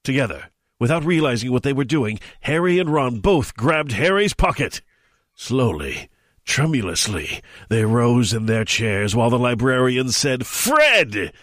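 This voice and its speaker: A man's voice: medium pitch, animated, normal speed, no echo, studio quality. Laughing man reading aloud with mock drama. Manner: reads with mock drama, often breaking into laughter. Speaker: podcast host.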